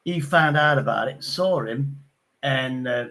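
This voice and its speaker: A man hosting a casual chat, telling rough pub stories bluntly and acting out the voices of the people in them. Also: mid-range voice, a little slow, background noise. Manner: blunt, sweary, acts out quoted voices.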